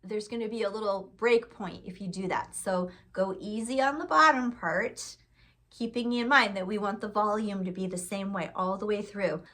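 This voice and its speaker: A woman's voice: mid-range voice, normal speed, fairly bright tone. A woman teaching singing, explaining and encouraging between sung vowel demonstrations. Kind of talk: vocal lesson with sung demonstrations.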